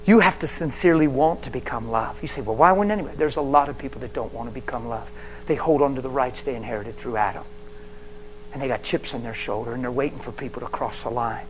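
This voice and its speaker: A man's voice: medium pitch, fast, slight background noise, poor audio. A male pastor preaching a sermon in folksy, colloquial phrasing, dropping to whispers and then rising to emphatic exhortation. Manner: emphatic, swinging from hushed whispers to loud exhortation.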